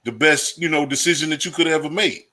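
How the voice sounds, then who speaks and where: A man with a Southern US accent hosting a casual interview, talking in an animated, slangy way. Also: on the high side, fast talker. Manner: animated, lively slang, laughs. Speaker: host.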